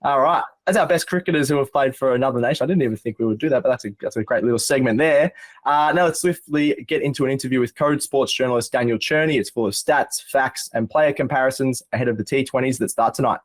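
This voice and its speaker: Australian male podcast host, rapid chatty delivery, dry close sound. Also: mid-range voice, no echo. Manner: fast, chatty, laughs often. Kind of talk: casual sports podcast chat.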